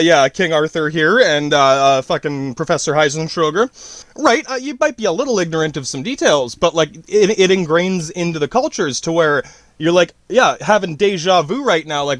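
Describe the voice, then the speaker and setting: A man's voice: fairly high pitch, fairly bright tone, dry recording. A man giving a rambling solo podcast monologue, profane and slangy, jumping between tangents with many restarts. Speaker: podcast host.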